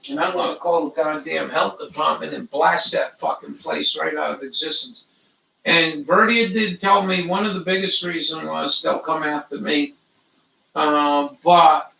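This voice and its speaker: A man's voice: a little high, normal speed, gravelly, pushed and bright, echoey room, far from the mic, slight background noise. An older man telling rambling, profane stories in a meandering monologue. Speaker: vlogger.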